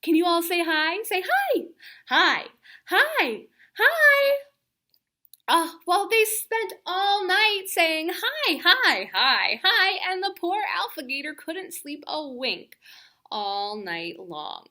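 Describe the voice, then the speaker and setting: Woman, children's librarian, storytime reader; high voice, animated, quizzes the kids. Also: slow. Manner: animated, coaxing young listeners with questions.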